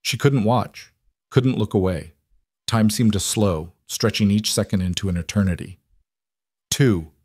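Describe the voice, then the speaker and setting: Low-voiced male story narrator. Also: normal speed, husky, no room sound, clean studio sound. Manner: even, steady storytelling.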